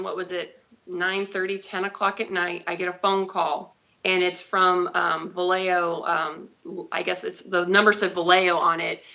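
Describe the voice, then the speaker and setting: This guest, a diabetes advocate in her thirties, shares her personal story in a live interview, rambling chattily and correcting herself along the way. Her voice is fairly low and sharp with vocal fry, and the audio is dull and lo-fi.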